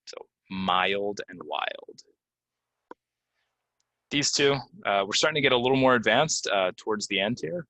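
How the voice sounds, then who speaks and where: A man teaching English pronunciation in a relaxed video lesson, explaining casually with plenty of fillers and repeating words slowly. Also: mid-range voice, no room sound, low-quality recording. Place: Florida.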